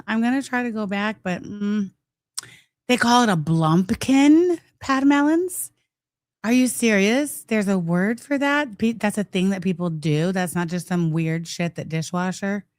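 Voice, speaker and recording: A woman's voice: lowish voice, no echo, studio quality. A woman, sick with the flu, chatting on a livestream and thanking viewers. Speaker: livestream co-host. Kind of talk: casual livestream commentary.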